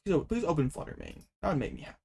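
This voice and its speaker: Talking very fast in a fairly high, gravelly and slightly rough voice, this young card game YouTuber runs through casual gameplay commentary. He gets excited easily and keeps up a stream of theatrical fake grievances.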